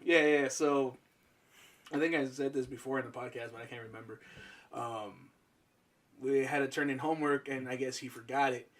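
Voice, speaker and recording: A young man co-hosting a comedy podcast, telling crude anecdotes with lots of swearing and doing quick voices for the people in his stories. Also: medium pitch, recorded from a distance. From Mexican heritage, US. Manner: profane, animated storytelling with put-on voices. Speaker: podcast co-host. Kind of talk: casual comedic chat.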